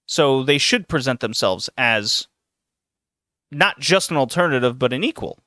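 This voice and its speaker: A man hosting a podcast, telling a story in a casual, animated way with lots of laughs and restarts. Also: medium pitch, a little slow, dry recording, studio quality. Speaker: podcast host.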